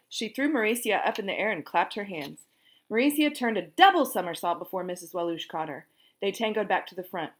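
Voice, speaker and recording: A woman reading a children's book aloud, animated and singing out the sound effects herself. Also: medium pitch, fairly quick. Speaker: storyteller.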